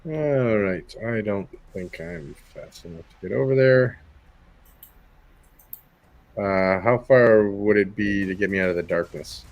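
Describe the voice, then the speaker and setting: A man playing a tabletop game, asking quick questions about his turn and joking with the others. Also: lowish voice, highs cut off. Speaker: player.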